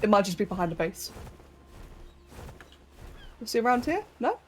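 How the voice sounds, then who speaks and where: A woman's voice: mid-range voice, sing-song, moderate pace, soft background music. A young British woman chatting casually with her viewers while playing a game, giggly and rambling, her throat a little sore. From Britain. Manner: chatty, giggly, talks to chat. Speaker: streamer. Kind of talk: casual live-stream chat while gaming.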